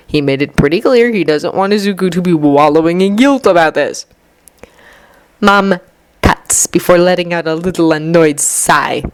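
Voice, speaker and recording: A woman narrating a fan fiction story aloud, with expressive delivery and clearly varied voices. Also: low-pitched, no room sound. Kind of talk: fan fiction audiobook reading.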